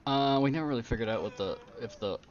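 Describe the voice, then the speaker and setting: A man's voice: medium pitch, fast talker, a little hiss or hum. A man playing in a tabletop game, thinking aloud hesitantly. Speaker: player. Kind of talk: casual tabletop play chat. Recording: muffled lo-fi mic.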